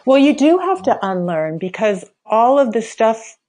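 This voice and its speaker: Gentle, affirming older woman coaching. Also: on the high side, sing-song, a little slow. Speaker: spiritual life coach, guest. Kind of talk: conversational coaching.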